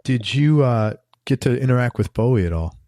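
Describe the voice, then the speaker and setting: A man's voice: medium pitch, expressive, moderate pace, mellow. A man hosting an interview, eager with brief affirmations and questions. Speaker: interview host. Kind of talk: casual interview.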